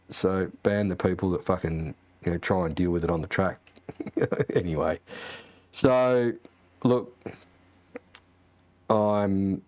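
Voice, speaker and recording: Low-voiced, swearing man. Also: darkish tone, dry recording. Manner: profane, ranting, lots of swearing and fillers. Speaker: sim racing streamer. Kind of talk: casual chat.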